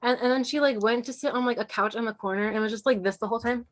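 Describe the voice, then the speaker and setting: Young woman podcast co-host, fairly high voice, chatty storyteller. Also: fast talker. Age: young adult. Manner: animated storyteller, acts out quotes, frequent "like". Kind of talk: casual chat.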